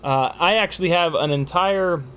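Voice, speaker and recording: A man's voice: on the high side, moderate pace, fairly bright tone, a little hiss or hum. A man hosting a casual livestream Q&A, joking, swearing and rambling with lots of fillers while he reads out viewer questions. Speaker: livestream host.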